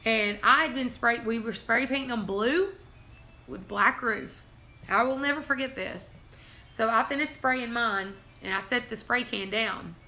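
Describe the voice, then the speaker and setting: Woman telling family stories on a livestream, keeps giggling, bright higher voice. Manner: giggly, laughs through her own stories. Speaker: livestream host. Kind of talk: casual storytelling livestream.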